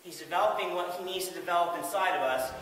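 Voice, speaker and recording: A man telling a lively story about a bad day in a devotional talk, laughing and exasperated. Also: high voice, fast talker. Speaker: ministry speaker. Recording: echoey distant room recording with faint hiss.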